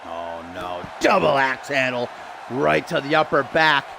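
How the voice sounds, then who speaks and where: A man's voice: medium pitch, big pitch swings, measured pace, creaky, crowd noise, noisy background. A young man calling a wrestling video game match as play-by-play commentator, building hype with casual asides to his stream chat.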